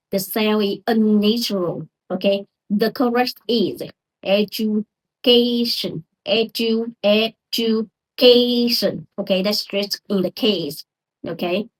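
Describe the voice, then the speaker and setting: A young woman, not a native English speaker, giving a casual lesson on English word stress, repeating words slowly and checking in with "okay?" often. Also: medium pitch, slightly rough, rough recording.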